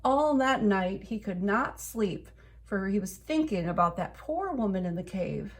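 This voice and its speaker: A woman's voice: medium pitch, a little slow. Woman reading a picture book aloud. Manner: expressive storytelling. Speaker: storybook reader.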